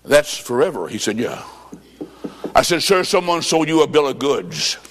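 A man preaching a sermon, telling a story and acting out its dialogue, with sudden shouts. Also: mid-range voice, very animated, normal speed, a little hiss or hum.

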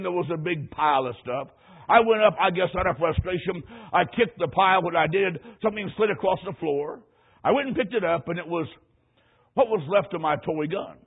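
Man, preacher, emphatic storytelling sermon, high voice, husky, tinny radio sound. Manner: emphatic, storytelling, rising to loud climaxes. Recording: tinny phone-like radio broadcast.

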